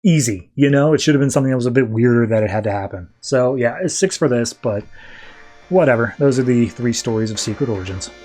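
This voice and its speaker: A man's voice: mid-range voice, quick pace, over music. A man hosting a podcast, recapping comic issues in a chatty, loose way with offhand asides. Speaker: podcast host. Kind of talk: casual comic book recap.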